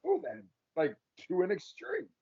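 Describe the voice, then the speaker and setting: Animated, husky male actor guest. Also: high-pitched, unhurried, dry recording. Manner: animated storyteller acting out quotes. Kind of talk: casual podcast chat. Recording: slightly muffled dry podcast audio.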